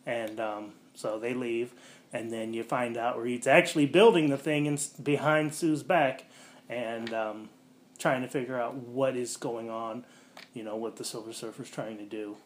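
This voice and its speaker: A man hosting a casual podcast, rambling through a movie plot with lots of fillers and quick voiced-out quotes. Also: medium pitch, slight background noise. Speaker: podcast host.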